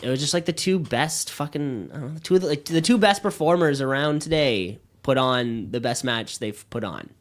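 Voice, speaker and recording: Excitable swearing man hosting a podcast. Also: medium pitch, fairly quick, few pauses. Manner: excitable, profane, rambling with fillers. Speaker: podcast co-host. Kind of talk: casual podcast chat. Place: podcast studio.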